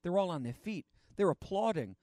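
Earnest man preaching, slightly high voice. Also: big pitch swings, darkish tone, no room sound, clean studio sound. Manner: earnest, halting, many fillers. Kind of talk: sermon.

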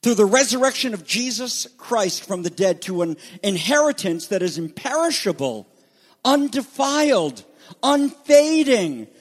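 A male pastor with a high-pitched voice delivers an emphatic sermon, rising to loud declarations and dropping to quiet asides. His words ring out with the long reverb of a large church hall. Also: big pitch swings, measured pace.

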